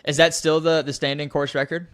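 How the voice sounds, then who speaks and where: A man's voice: a little high, level tone, fairly quick, a bit bright. A man hosting a podcast, chatting casually with his guest and reacting with short amazed remarks. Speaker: podcast host. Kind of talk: casual interview chat.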